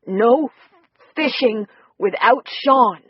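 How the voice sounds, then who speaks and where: A narrator voicing Art, a big, shaken man with a gruff, raspy voice who talks simply and earnestly. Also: high voice, expressive, takes it slowly, no room sound, dull audio, pitched above the performer's own voice, full character voice.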